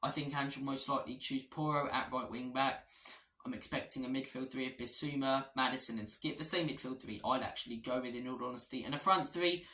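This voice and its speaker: A man's voice: medium pitch, steady tone, a little fast, pushed and bright. A man giving a passionate, opinionated match preview as a football fan vlogger. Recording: echoey room.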